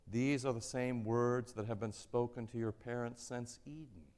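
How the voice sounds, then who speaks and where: A man preaching a sermon in a church, speaking gently and with measure, letting the ends of his phrases fall soft. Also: medium pitch, steady tone, normal speed, big-room sound. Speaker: pastor.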